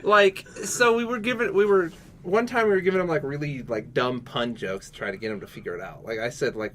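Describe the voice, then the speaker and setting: A man co-hosting a podcast, chatting in a relaxed way with a slightly high voice that drops low at the ends of his stories. A faint hiss of background noise sits under his voice. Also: brisk, few pauses. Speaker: podcast co-host. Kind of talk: casual chat.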